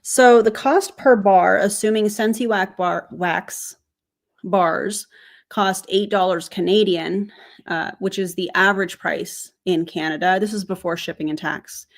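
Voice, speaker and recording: A woman's voice: mid-range voice, steady tone, unhurried. A woman hosting a reaction commentary video, chatting to viewers and working through calculations step by step. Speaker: YouTube commentator.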